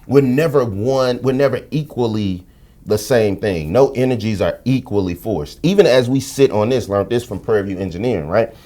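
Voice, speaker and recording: A man's voice: fairly low pitch, moderate pace, dark tone. A middle-aged man from the United States speaking as a podcast guest, telling stories frankly and animatedly, with slang and profanity. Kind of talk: candid conversational interview.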